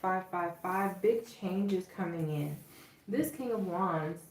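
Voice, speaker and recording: A woman's voice: on the low side, takes it slowly. Chatty Southern woman reading tarot. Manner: chatty, emphatic, checks in with "okay?" often. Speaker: tarot reader. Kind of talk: casual tarot reading to viewers. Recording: roomy echo, distant from the mic.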